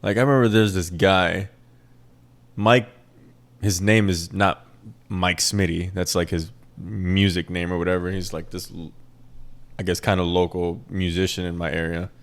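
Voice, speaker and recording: Rambling low-voiced podcast host, a man. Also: little pitch movement, normal speed, pauses often. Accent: plain Midwestern American. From American Midwest. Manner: rambling, self-deprecating, swears freely. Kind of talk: casual solo podcast chat.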